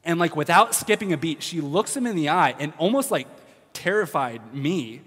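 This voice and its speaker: A man preaching a casual sermon as a pastor, chatty and upbeat with fillers and restarts, dropping to a hush when he prays. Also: on the high side, lively intonation, normal speed, husky. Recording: long hall reverb.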